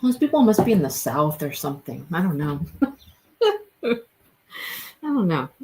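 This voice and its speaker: A woman's voice: deep voice, big pitch swings, normal speed, darkish tone. A middle-aged woman hosting a crochet livestream, chatting in a rambling way and laughing often as she works. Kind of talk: casual livestream chat while crocheting. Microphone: phone.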